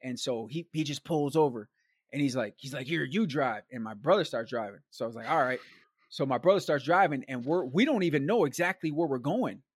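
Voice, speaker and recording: With a mid-range, slightly breathy voice and a somewhat fast pace, a man serves as guest storyteller in an echo-free recording. His long story rambles casually and animatedly, thick with slang asides and constant "like," "man" and "bro."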